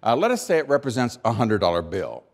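An American man giving a keynote speech, emphatic, with dry humor, rhetorical questions and deliberate pauses for effect. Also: medium pitch, wildly swooping pitch. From United States. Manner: rhetorical questions and repeated build-ups. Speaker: keynote speaker.

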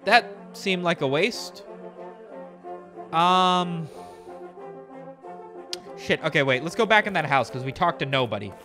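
A man's voice: a little high, lively intonation, slow pace, pauses often, pushed and bright, faint music behind. A man streaming a game, joking and bragging to his chat as he plays. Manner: jokey boastful banter with chat. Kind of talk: let's play commentary.

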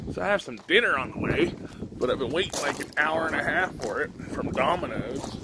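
A man's voice: a little high, animated, normal speed, background noise. A man, rambling casually to viewers in a vlog. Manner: laid-back, rambling, talks to viewers. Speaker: vlogger. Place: indoors and outdoors at night.

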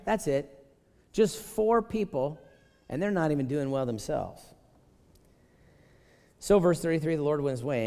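A man preaching a conversational sermon as pastor, animated and emphatic, talking straight to the congregation. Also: medium pitch. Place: church sanctuary. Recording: long reverb of a church sanctuary.

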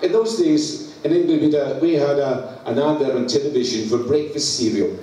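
A man's voice: medium pitch, fairly quick, dark tone. A Scottish man preaching, telling a funny story with lots of laughter and acted-out sounds. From Scotland. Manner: laughs through his story, acts out sounds. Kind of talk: humorous sermon storytelling. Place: church hall. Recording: echoey church, distant mic, background noise.

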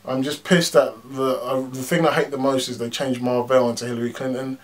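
A man's voice: medium pitch, fairly quick. Blunt, ranting male movie reviewer. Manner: animated, blunt, frequent swearing and fillers. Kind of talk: casual ranting film review.

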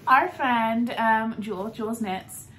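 Woman, podcast co-host, warm and encouraging, casual chat, fairly high voice. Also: slow, a little hiss or hum.

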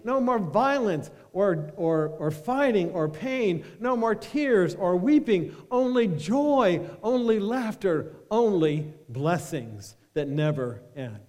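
High-voiced pastor preaching in a hall. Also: male voice. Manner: animated preaching with congregation call-and-response. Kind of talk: sermon. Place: church sanctuary.

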